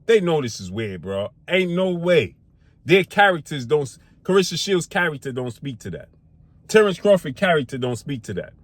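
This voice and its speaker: Heated high-voiced man ranting about boxing. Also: big pitch swings, normal speed, no echo. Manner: rhetorical questions, heated and repetitive; slangy casual speech. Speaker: sports commentary host. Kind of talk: opinionated boxing commentary rant.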